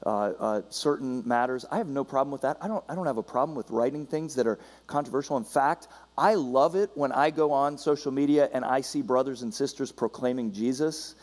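A man's voice: mid-range voice, fairly quick, hardly any pauses, darkish tone. A male pastor giving a conversational sermon to his church, with frequent restarts and casual asides. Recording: long hall reverb.

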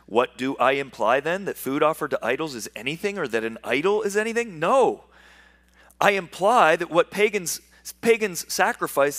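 Pastor guy preaching, voice on the higher side, keeps restarting and repeating words, reads verses out. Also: fairly bright tone. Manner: restarts and repeats words, sarcastic emphasis when reading scripture. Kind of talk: sermon.

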